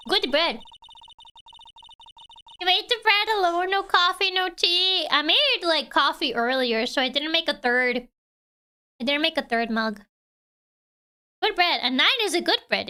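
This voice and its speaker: A woman's voice: extremely high pitch, animated, measured pace, pauses often, bright, forceful tone. A woman streaming a game, chatting playfully with her viewers and laughing often. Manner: giggly, playful, chats with viewers. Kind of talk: casual chat while playing a game.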